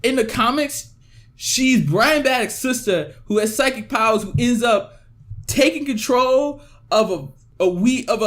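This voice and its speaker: A man's voice: extremely high pitch, fairly bright tone. A man co-hosting a casual podcast, ranting about movies with lots of fillers. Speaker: podcast co-host.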